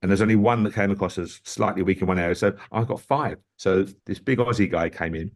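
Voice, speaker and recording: Lower-voiced man telling workplace stories. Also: a little fast. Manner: lively storyteller, often addresses the host by name. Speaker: football manager guest. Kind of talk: anecdotal interview storytelling.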